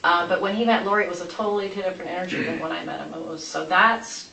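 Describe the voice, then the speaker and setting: In an interview room, a woman being interviewed tells police what happened, chatty and rambling, often changing direction mid-story. Her voice is lowish, quick, creaky, and sharp in tone. The recording is echoey, with a distant mic and light noise.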